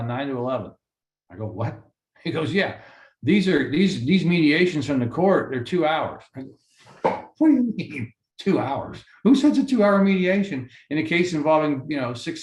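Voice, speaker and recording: Animated man ranting in a roomy echo. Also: medium pitch. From Florida. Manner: animated, ranting, conversational with rhetorical questions. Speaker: mediator and lawyer. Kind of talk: lecture-style talk for course credit.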